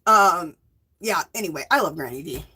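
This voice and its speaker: A woman's voice: on the low side, lively intonation, normal speed, sharp tone, husky. A woman in her fifties from the US West Coast, chatting casually on her livestream, greeting viewers by name and rambling off into asides. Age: 50s. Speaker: livestream host.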